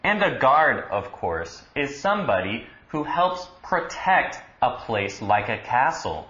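A man teaching English on a radio lesson, explaining words slowly and patiently with lively emphasis. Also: mid-range voice, roomy sound, dull audio.

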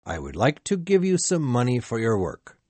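A man's voice: mid-range voice, huge pitch swings, moderate pace, a little mellow, dry recording. A man voicing an elderly reformed miser, overjoyed and laughing as he exclaims his lines. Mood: earnest.

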